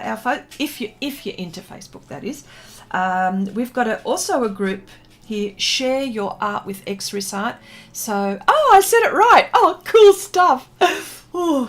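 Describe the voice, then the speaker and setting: Aussie lady chatting away on her art stream, slow and rambly, laughs a lot. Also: fairly high pitch. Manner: chatty, reads viewer comments aloud, laughs often, slow and meandering. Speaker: art livestream host. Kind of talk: casual livestream chat while painting.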